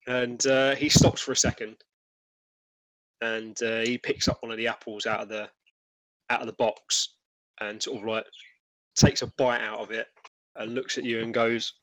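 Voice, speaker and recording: A man narrating a tabletop game as game master, relaxed and full of fillers. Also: mid-range voice, measured pace, long pauses, low-quality recording. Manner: relaxed, many fillers and restarts.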